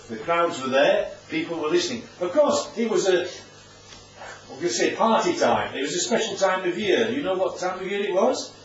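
A man preaches with a high, very animated voice and keeps checking in with his listeners. He sounds far from the microphone, and the dull recording is soaked in the echo of a large room. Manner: chatty, asks the audience questions. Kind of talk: informal Bible teaching with slides.

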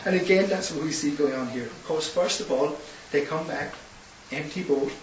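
In a distant, roomy, hissy lo-fi recording, a man from Ireland delivers a sermon at a moderate pace with a fairly high voice. He tells stories and works up to passionate emphasis.

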